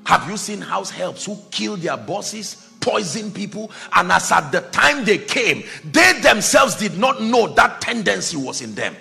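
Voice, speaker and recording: Man preaching a sermon, gravelly, bright, lively pitch, faint music behind. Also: unhurried, few pauses. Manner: dramatic preaching, swings from hushed to shouting; acts out Bible characters in quoted dialogue. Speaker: pastor.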